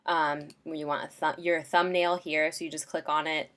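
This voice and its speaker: A woman's voice: deep voice, flat delivery, normal speed, a bit bright. A woman casually walking a client through website templates in a screen-share tutorial, chatty and loose with lots of ums and likes.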